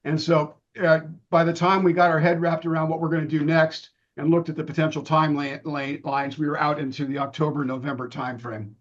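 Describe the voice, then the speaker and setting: A middle-aged man losing his voice, giving a relaxed presentation with many ums and restarts over a video call. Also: fairly high pitch, fairly quick, few pauses. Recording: dull lo-fi video-call audio.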